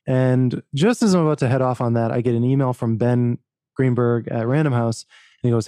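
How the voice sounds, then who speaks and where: A man, an author and book producer, telling a story as a podcast guest in an animated way, acting out quoted dialogue and restarting often. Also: medium pitch, a little fast, no echo, clean studio sound. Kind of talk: casual interview storytelling.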